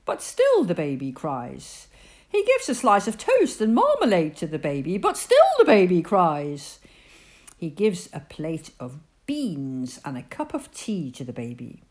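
A woman reading a children's storybook aloud in an expressive, sing-song way. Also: low voice.

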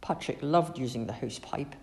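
A woman reading a children's story aloud in an expressive, animated way. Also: very deep voice, fairly quick.

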